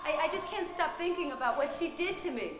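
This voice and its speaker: A woman's voice: high voice, expressive, brisk, reverberant, music in the background. A woman playing a nervous, embarrassed schoolteacher in a stage comedy. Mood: flustered. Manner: nervous, flustered. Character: anxious, embarrassed female schoolteacher.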